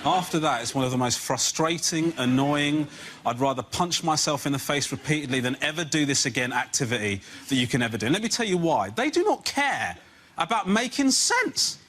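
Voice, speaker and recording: A man doing a stand-up routine on a panel show, ranting with incredulous outbursts that build to shouts. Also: medium pitch, brisk. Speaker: comedian. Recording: loud background noise.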